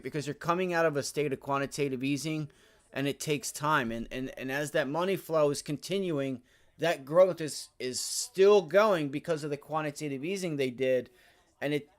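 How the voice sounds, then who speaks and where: Cursing, chatty day-trading streamer. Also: male voice, a little high. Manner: frustrated muttering and cursing, then explaining charts to viewers; repeats filler words like right and my friend. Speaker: livestream day trading host. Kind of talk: casual live-stream commentary.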